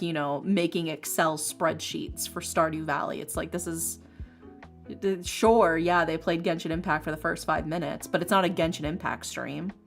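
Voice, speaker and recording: Chatty, opinionated woman streamer. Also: fairly low pitch. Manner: animated, opinionated, laughs often, emphatic. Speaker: streamer, ASMR creator. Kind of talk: casual chat on a livestream. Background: faint lofi music.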